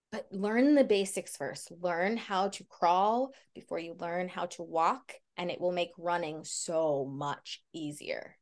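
A woman guest in a casual interview chat, bubbly and laughing often as she tells stories in quoted voices. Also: medium pitch. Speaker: guest performer.

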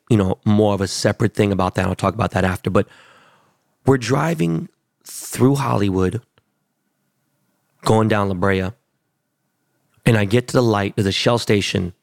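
A low, gravelly man tells a story in a loose, casual way. He swears a lot and pushes his voice up when he gets worked up. The sound is dry and close. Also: no room sound. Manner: profane, animated storytelling with rising outbursts.

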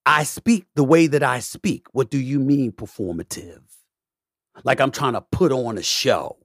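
A middle-aged podcast host launches into an impassioned, preachy monologue, his slightly husky voice leaning on repetition and pointed stress. He shifts from booming to hushed but never loses his forceful edge. The sound is dry and intimate, with no room sound at all.

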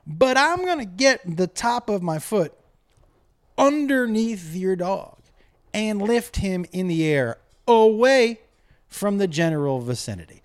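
A man's voice: high voice, expressive, measured pace, clean tone. A middle-aged man telling a comic rant to camera, profane and exasperated as he tells a story.

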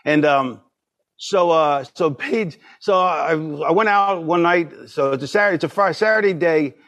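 A middle-aged man telling wrestling stories on a podcast, animated and acting out quoted voices. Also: a little high, normal speed. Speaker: podcast guest. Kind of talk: casual storytelling.

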